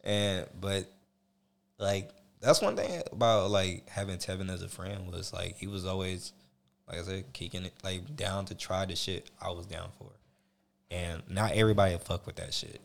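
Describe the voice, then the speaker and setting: A man with a lowish voice talking casually and laughing often. He drifts between loud outbursts and quieter, reflective stretches. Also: normal speed, gravelly. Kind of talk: casual chat.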